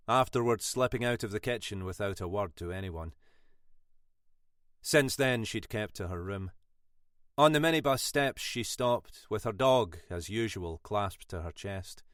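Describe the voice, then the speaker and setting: An audiobook narrator reads a thriller script in a measured, expressive manner. His voice is on the low side, and the studio-quality recording carries no room sound.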